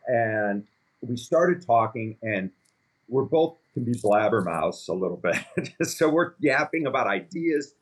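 A man in his fifties, a company founder, telling stories in a casual interview, rambling and animated with many fillers. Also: mid-range voice, measured pace. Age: 50s.

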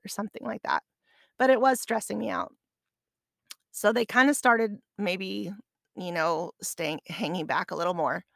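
Woman, middle-aged, podcast host, casual storytelling, medium pitch, dry close sound. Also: vocal fry, dry recording. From Arizona. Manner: chatty, self-deprecating, laughs while telling.

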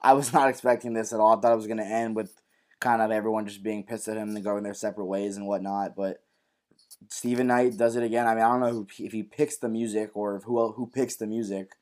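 Animated swearing man recapping TV. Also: fairly low pitch, quick pace. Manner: animated, swears freely, acts out quotes loudly. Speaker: podcast co-host. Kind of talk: casual TV recap chat.

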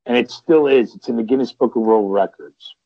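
A man's voice: mid-range voice, fairly quick, no echo. A middle-aged man, a veteran wrestler and podcast guest, telling stories in a rambling, casual way with lots of restarts. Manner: rambling, restarts and repeats, lively retelling of quotes. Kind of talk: casual storytelling. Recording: dull, dry sound.

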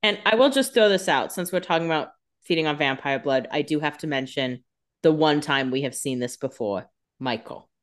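A woman co-hosting a casual podcast, chiming in with wry, jokey asides and quick banter. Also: low voice, lively intonation. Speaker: podcast co-host. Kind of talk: casual chat.

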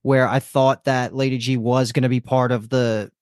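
A man's voice: medium pitch, little pitch movement, normal speed, a little mellow, no echo, studio quality. A man hosting a casual podcast discussion, chatty and rambling, swearing now and then. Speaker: podcast host.

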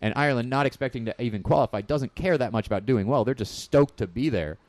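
A young man in casual podcast chat, excitedly telling stories and singing chants. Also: mid-range voice, quick pace, no echo. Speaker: podcast co-host.

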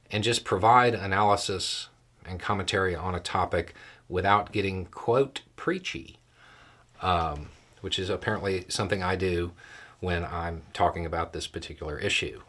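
A man's voice: low voice, fairly bright tone. A man hosting a solo political commentary show, talking in a conversational, dry way with emphatic stresses.

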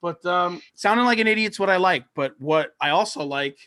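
Brief: male podcast host, casual and jokey, bright tone, dry close mic. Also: high-pitched, fairly quick, no echo. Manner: laid-back, jokey, many fillers like "like".

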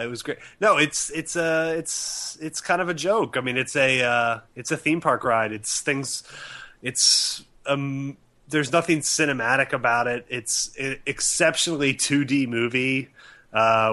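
Man, bright forceful voice, sarcastic, stumbling restarts, casual film review. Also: mid-range voice.

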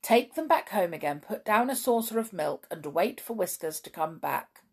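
A woman's voice: lowish voice, animated, normal speed, breathy edge. A woman voicing the head brownie, a grown man who speaks firmly and sternly. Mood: reassuring. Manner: firm, scolding. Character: head brownie man, fierce then cheerful.

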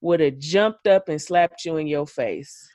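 A woman's voice: sits low, a little slow, a little mellow, dry recording, clean studio sound. A woman hosting a podcast, giving a blunt, profane, opinionated recap in casual chat. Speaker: podcast host.

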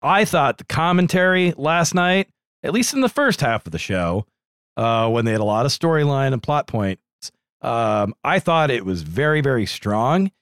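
A man co-hosting a wrestling podcast, talking in a loose, jokey way that wanders off on tangents. His pitch swings widely as he talks. The sound is dry and close, with no room around it. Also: moderate pace, smooth, no room sound. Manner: animated, jokey, digressive. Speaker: podcast co-host. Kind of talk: casual wrestling podcast chat.

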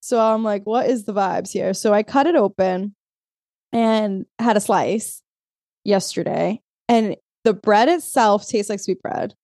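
Chatty, swearing woman with a mellow voice. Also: mid-range voice, measured pace, no echo, clean studio sound. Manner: chatty, swears freely, laughs often. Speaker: podcast co-host. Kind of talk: casual chat.

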